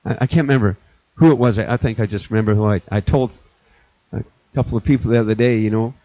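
A man's voice: fairly low pitch, fast talker, dark tone, no echo. A middle-aged male pastor preaching a sermon, earnest and repetitive, circling back to restate his points. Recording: dull lo-fi recording.

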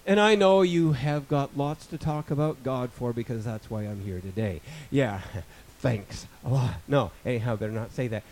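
A man in his fifties preaching a sermon, rambling with joking asides and building to loud, emphatic passages. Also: mid-range voice, normal speed, few pauses, a little hiss or hum, low-quality recording. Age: 50s.

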